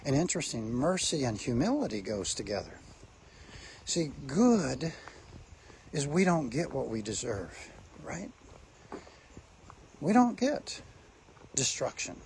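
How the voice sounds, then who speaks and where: A man's voice: medium pitch, a little hiss or hum. A man preaching a sermon, speaking emphatically and asking his listeners rhetorical questions.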